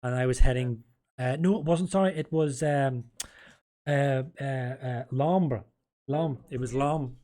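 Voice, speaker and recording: A man's voice: mid-range voice, unhurried, dark tone. A man hosting a live online stream, talking in a loose, rambling way. He corrects himself mid-sentence, drifts off topic and jokes with his guests. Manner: rambling, self-correcting, jokey. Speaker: stream host and interviewer. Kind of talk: casual live-stream interview.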